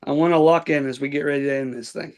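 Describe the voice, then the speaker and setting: A man hosting a casual podcast chat, talking in a relaxed way with frequent restarts and fillers. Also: a little high, fast talker. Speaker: podcast host.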